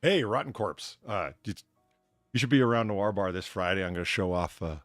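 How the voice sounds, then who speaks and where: A man's voice: fairly low pitch, animated, a little fast, a bit bright, no echo, studio quality, soft background music. Ranting, profane male stream co-host. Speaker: podcast co-host. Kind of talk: casual live-stream chat.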